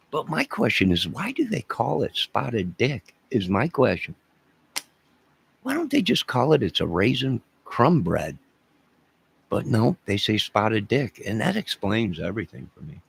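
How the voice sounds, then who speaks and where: A Southern man hosts a loose live stream, chatting with viewers by name in a rambling, joking way. His voice sits very low, with a gravelly rasp and a husky edge. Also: wildly swooping pitch, a little slow, a bit bright. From American South. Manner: rambling, jokey, talks to chat viewers by name. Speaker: live stream host reading chat. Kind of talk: casual live-stream chat.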